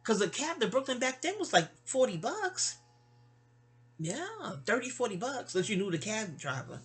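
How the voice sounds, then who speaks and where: A woman in her fifties from New York tells a personal story in a loose, casual way. She wanders into side topics and corrects herself mid-sentence. She voices remembered lines at a higher pitch. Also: sing-song, normal speed. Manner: rambling, with asides and self-corrections; acts out remembered dialogue with raised pitch.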